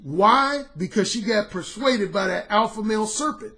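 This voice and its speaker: A man hosting a podcast, a dating coach delivering an animated, profane storytelling monologue. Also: sits high, normal speed. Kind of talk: casual monologue commentary.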